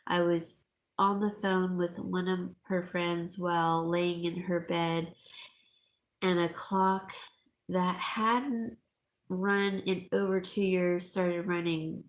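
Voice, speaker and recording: A middle-aged woman hosting a live jewelry sale, chatting emotionally with viewers and calling them by name. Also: fairly low pitch. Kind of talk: casual chat with viewers.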